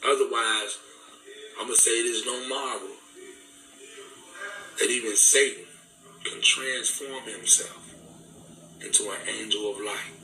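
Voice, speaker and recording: Brief: fiery male speaker, very bright tense tone, mic at a distance, faint music under. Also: mid-range voice, fairly even intonation, a little slow, pauses often, echoey room. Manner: fervent, repetitive, rhetorical, casual vernacular. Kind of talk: impassioned preaching talk.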